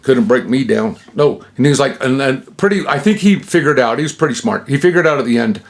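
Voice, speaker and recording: A man's voice: mid-range voice, lively intonation, a little fast. A man hosting his own channel, telling a personal story in a rambling, casual way, full of fillers and acted-out dialogue. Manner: rambling, acts out quoted dialogue; frequent fillers and self-interruptions. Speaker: channel host.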